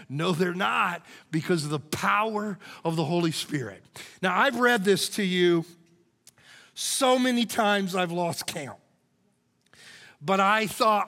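A male pastor delivering a sermon, swinging between loud shouts and hushed asides. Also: sits high, lively intonation, slow, big-room sound. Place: church sanctuary.

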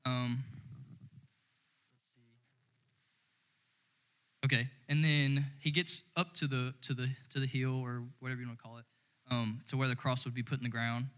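A man's voice: mid-range voice, flat delivery, normal speed, long pauses, fairly bright tone, clean tone, rough recording. A man preaching to his church in a loose, conversational style. He rambles, circles back and restarts his sentences often as he works through his thoughts. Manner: informal and rambling, many fillers and restarts. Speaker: church speaker. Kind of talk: casual conversational sermon.

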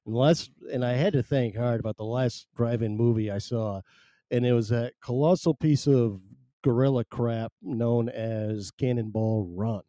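A man's voice: mid-range voice, fairly even intonation, a little slow, warm tone, no room sound, clean studio sound. A middle-aged man hosting his own podcast in loose, rambling, self-amused casual chat. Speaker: podcast host. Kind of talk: casual solo podcast chat, reading listener chat.

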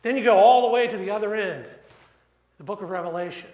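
Male pastor, high voice, casual sermon, fillers, echoey church. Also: fast, darkish tone. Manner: conversational, storytelling with frequent fillers.

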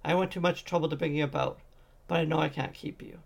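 A man's voice: fairly high pitch, fairly even intonation, fast, vocal fry. A man voicing a grieving ancient male wizard, speaking in a subdued, sorrowful way.

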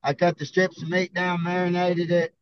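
With a high voice and a completely flat delivery at normal speed, this Arkansas man tells rowdy stories as a podcast guest. A bull rider with a Southern accent, he's profane, laid-back and laughing in his drawl, and the tone is clean though the highs are cut off.

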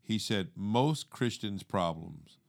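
A man co-hosting a faith podcast, explaining scripture in a casual, animated way and acting out everyday inner thoughts. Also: lowish voice, slow pace, gravelly. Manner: animated, acts out inner monologue; calls listener "dude". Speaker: podcast co-host. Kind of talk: conversational teaching.

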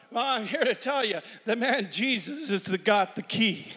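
A man preaching a revival sermon in a large church, shouting and urging the crowd with constant "come on"s. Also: very high-pitched, lively intonation, normal speed, few pauses. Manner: repeats "come on" constantly, call-and-response urging. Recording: long reverb of a big hall.

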